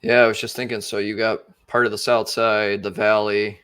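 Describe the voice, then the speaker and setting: A man hosts a casual podcast interview in a lowish, level voice that is a bit bright, clear and resonant, recorded dry. He speaks at a moderate pace, thinking aloud in loose, rambling phrases with many fillers and restarts.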